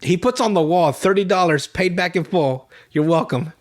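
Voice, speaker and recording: A man's voice: sits high, moderate pace. A young man hosting a podcast, rambling through a profane, laugh-filled recap of a TV episode. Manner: rambling, profane, laughs loudly at his own story. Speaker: podcast host.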